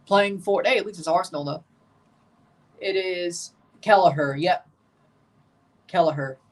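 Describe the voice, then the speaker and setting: A woman's voice: lowish voice, unhurried, recorded from a distance. A woman hosting a live watchalong stream, chatting with opinions and reacting aloud to the plays as they happen. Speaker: livestream host.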